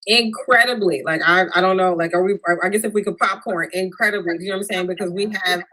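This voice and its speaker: A woman's voice: fairly low pitch, fast talker, poor audio. Chatty woman doing stand-up. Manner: animated, talks straight to the crowd with "y'all". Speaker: stand-up comedian. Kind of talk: stand-up comedy set over a video stream. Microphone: remote video call.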